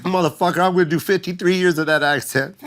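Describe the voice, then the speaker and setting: Animated swearing middle-aged man telling a story. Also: sits high, fairly quick. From United States. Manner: swearing, animated, acts out his mother's voice. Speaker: comedian guest. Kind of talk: emotional storytelling in casual chat.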